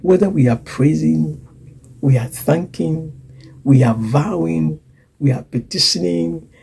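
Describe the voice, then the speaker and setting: A woman preaching a sermon, swinging from loud emphasis to hushed whispers and acting out the voices she quotes. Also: low-pitched, slow pace, gravelly, slight background noise, rough recording. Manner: acts out quoted voices and laughs between points.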